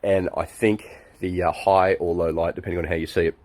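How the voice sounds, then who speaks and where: Low-voiced Australian man telling a rambling yarn. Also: little pitch movement, brisk, a little mellow. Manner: chuckling, loose storyteller with many fillers. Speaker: friend giving a birthday message. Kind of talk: rambling anecdote.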